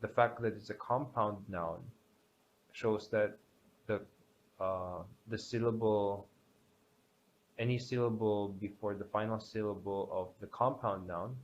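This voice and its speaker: A man teaching a grammar lesson, explaining step by step with many pauses and restarts. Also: on the low side. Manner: hesitant, many fillers and restarts. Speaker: language teacher. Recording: dull lo-fi sound with faint background hiss.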